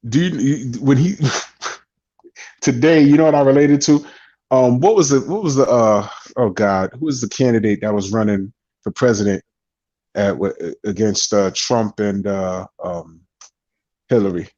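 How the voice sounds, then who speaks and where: A mid-pitched man rambles casually on a boxing talk stream, dropping swear words and restarting his sentences. The sound is dull and lo-fi. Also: a little slow, mellow. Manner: loose, profane, rambling with restarts. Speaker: boxing talk show panelist. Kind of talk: casual panel chat.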